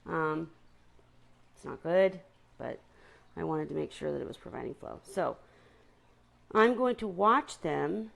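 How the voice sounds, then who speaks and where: A woman's voice: lowish voice, vocal fry. A woman chatting casually to viewers on a live stream about her seahorses, often stopping to apologize.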